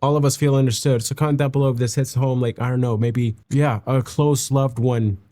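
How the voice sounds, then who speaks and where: Male reaction host, mellow tone, mid pitch; reflective, halting, heartfelt delivery, close to tears. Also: steady tone. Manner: halting and heartfelt, with many restarts. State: emotional, near tears. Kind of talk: reflective casual reaction commentary.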